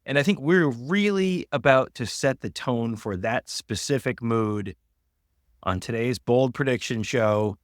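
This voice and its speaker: A man's voice: mid-range voice, unhurried, dry recording. Wry man co-hosting a podcast. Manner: wry, dry humor, conversational. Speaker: podcast co-host. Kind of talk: casual sports podcast banter.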